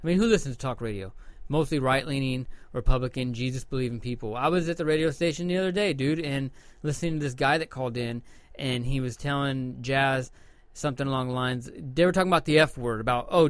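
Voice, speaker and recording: A man's voice: medium pitch, quick pace, dry recording. A man co-hosting a podcast, talking in a rambling, emphatic way and swearing freely. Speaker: podcast co-host. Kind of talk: casual profane chat.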